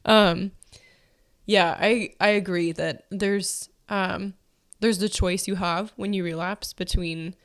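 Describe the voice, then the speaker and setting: A woman's voice: mid-range voice, fairly even intonation, slow. A young woman hosting a faith-based podcast, talking casually with lots of fillers, who is pregnant. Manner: chatty, many fillers and likes. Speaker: podcast host.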